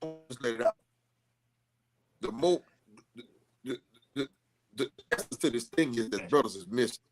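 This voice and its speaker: A man in his forties calling in to a live stream, speaking earnestly with halting starts. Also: medium pitch, expressive, a little hiss or hum, low-quality recording. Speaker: caller. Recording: busy chatter in the background.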